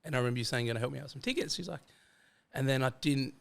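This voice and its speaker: Fast-talking Australian bloke telling stories. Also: male voice, mid-range voice, creaky. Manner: animated, fast-flowing anecdotes that act out quoted dialogue. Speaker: podcast guest. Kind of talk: casual storytelling chat.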